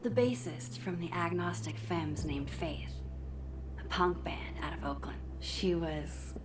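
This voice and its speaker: A woman's voice: on the low side, measured pace, natural voice. A woman voicing a wry, wistful young woman in whispered role-play, with dry, self-mocking asides. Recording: distant game audio with clear background noise.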